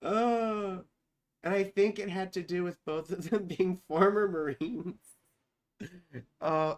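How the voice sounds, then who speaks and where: Speaking slowly in a lowish voice, a woman hosts an astrology live stream. She reads out comments from viewers in a relaxed, chatty way, cursing without restraint and poking fun at herself, and her manner is teasing and jokey.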